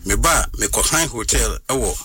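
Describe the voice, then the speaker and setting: A man, recounting a personal story as an interview guest in an animated way and slipping into English phrases. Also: medium pitch, normal speed, husky, distant mic. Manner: animated, mixes in English phrases, acts out what others said.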